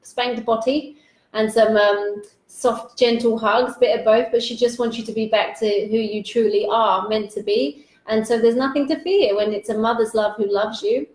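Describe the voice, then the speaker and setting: A bright, effusive woman hosts a live chat, gushing over comments and guests with loose, casual language. Her voice sits a little high. The room around her rings with echo. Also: steady tone, moderate pace. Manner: bubbly, effusive, casual swearing. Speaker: host. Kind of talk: live interview, reading viewer comments. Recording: echoey room.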